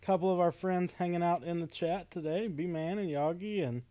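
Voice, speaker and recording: A man's voice: sits high, fairly even intonation, moderate pace, mellow, no room sound. A man hosting a casual livestream chat, talkative and laughing often, with plenty of ums. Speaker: podcast host. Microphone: webcam stream setup.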